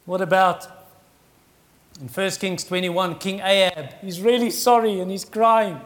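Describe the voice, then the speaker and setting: High-voiced earnest man preaching. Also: fairly even intonation, measured pace, a bit bright. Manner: earnest, conversational preaching with rising emphasis. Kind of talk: sermon.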